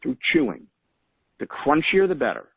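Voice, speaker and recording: A man gives a motivational coaching talk over a phone call. He sounds earnest and leans on repeated phrases to drive his points home. His voice sits at an ordinary pitch, and the sound is close and dry, with no room around it. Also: huge pitch swings, moderate pace, creaky, breathy edge, no room sound. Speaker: motivational host of a weekly huddle call.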